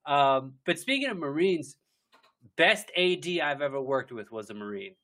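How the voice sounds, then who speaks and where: A man, a filmmaker guest, chatting casually in an interview, telling animated stories and laughing often. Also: on the high side, normal speed. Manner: animated storyteller, laughs often, acts out quotes.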